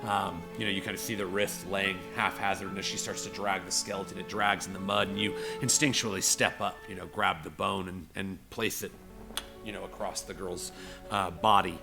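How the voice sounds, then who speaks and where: A man's voice: low-pitched, fairly even intonation, normal speed, creaky, music in the background. A man narrating a tabletop game as game master, rambling with many fillers. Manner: rambling, filler-heavy storytelling.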